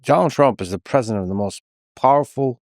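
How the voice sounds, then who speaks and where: A man hosting a podcast, asking measured, earnest questions in an interview. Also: mid-range voice, darkish tone, dry recording, clean studio sound. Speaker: podcast host. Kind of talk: interview conversation.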